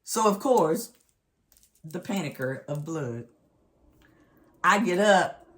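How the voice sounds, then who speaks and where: A middle-aged woman, telling a family story in a casual, animated, expressive vlog. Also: on the low side. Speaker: vlog host.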